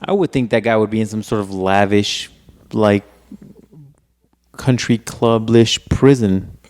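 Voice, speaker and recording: A man's voice: on the low side, a little slow, a little mellow. Joking male podcast co-host. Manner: joking, crude banter. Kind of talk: casual chat.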